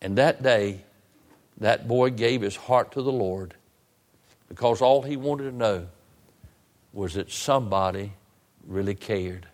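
A man's voice: slow, long pauses. Man preaching a heartfelt sermon. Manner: repetitive restarts, rising to raised emotional pitch when retelling his pleas. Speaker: pastor. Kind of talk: sermon storytelling.

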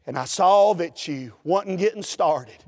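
A woman's voice: lowish voice, animated, measured pace, big-room sound. A man voicing a bold, brash woman fresh from the pool, in a plain-spoken folksy drawl, during a sermon story. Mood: coaxing.

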